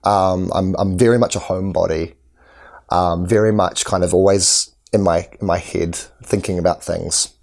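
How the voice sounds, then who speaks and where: A man's voice: low voice, steady tone, normal speed, creaky, darkish tone. A man, an actor and acting tutor, earnestly explaining his teaching methods in an interview, often restarting his sentences. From New Zealand. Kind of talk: interview answers.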